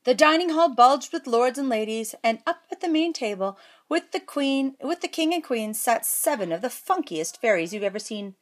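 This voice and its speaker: A woman's voice: fairly high pitch, lively intonation, moderate pace. A woman reading a comic fairy tale aloud, playful with jokey asides. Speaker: storyteller. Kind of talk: playful storybook read-aloud.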